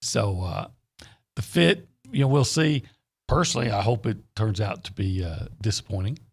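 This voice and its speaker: A man's voice: lowish voice, lively intonation, normal speed, creaky, slightly rough. A man co-hosting sports radio talk, giving blunt, opinionated takes in a casual way.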